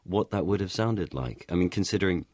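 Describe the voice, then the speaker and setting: An actor talking in an interview, animated and explanatory, often restarting his sentences. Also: low-pitched, fairly quick, no echo, clean studio sound. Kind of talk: interview chat.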